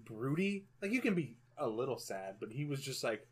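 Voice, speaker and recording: A man's voice: medium pitch, very animated, moderate pace. Guy cohosting a podcast, rambly, lots of restarts and swearing. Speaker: podcast co-host. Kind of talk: casual chat about a movie.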